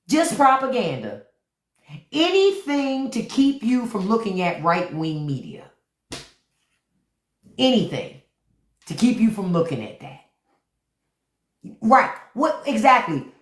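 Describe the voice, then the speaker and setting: A woman hosting a livestream podcast speaks straight to her viewers with blunt, profane commentary, repeating key words for emphasis. Her mid-range voice is a bit bright, and the room is echoey.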